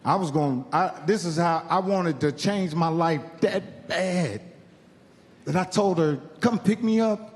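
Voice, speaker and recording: High-voiced man doing profane stand-up. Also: a little slow, big-room sound. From Indiana, US. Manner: profane, animated storytelling that acts out other people's voices. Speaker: stand-up comedian. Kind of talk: stand-up storytelling. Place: live comedy venue.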